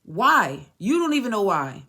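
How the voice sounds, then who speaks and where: A woman hosting a podcast and telling a personal story, animated and emphatic, often acting out what others said. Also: medium pitch, unhurried. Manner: emphatic, animated retelling with acted quotes. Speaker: podcast host.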